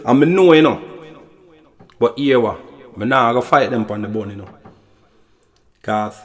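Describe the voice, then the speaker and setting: A man with a Jamaican accent tells a loose, wandering story in the studio, leaning again and again on the same little tag phrases. His voice sits at an ordinary middle pitch, and the recording carries a long, hanging reverb behind every word. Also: measured pace. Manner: rambling, repeats "you know" and "you see me". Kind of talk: casual anecdote telling.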